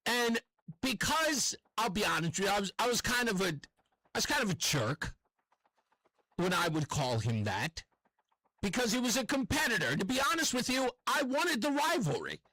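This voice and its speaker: A man's voice: a little high, pushed and bright, dry recording, low-quality recording. A man with a New York accent hosting a talk radio show, delivering a rambling, self-correcting opinion monologue from a studio.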